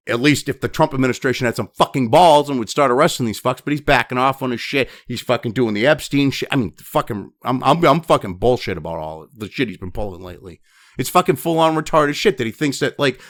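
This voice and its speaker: A man angrily ranting and cursing as he reads news items aloud, breaking off into loud outbursts. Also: medium pitch, dry recording, clean studio sound. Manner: angry, swearing constantly, swinging between flat reading and loud outbursts. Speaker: commentator reading and reacting to news. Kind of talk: profane political rant over news reading.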